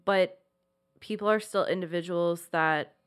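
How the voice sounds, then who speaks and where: A woman's voice: fairly low pitch, steady tone, measured pace, clean tone. A woman co-hosting a podcast in casual chat, rambling with lots of "like" and restarts. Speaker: podcast co-host.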